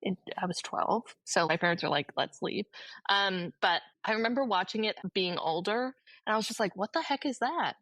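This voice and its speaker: A woman's voice: medium pitch, moderate pace, fairly bright tone, dry recording. Giggly Maryland-accented young woman guest. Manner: rambling, giggly, many fillers. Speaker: podcast guest. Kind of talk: casual chat.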